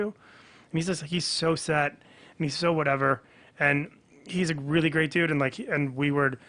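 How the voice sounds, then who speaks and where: Animated man telling a story. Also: on the high side, fairly quick. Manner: animated storyteller, acts out quoted dialogue. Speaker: comedian guest. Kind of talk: casual podcast chat, storytelling.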